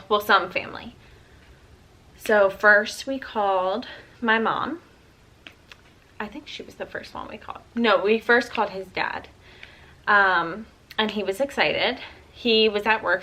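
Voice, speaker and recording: A woman in her twenties tells a personal story to camera in a loose, chatty way, with plenty of likes and ums. Her voice is bright and forward, and her pitch sits in a middle range. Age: 20s. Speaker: vlogger.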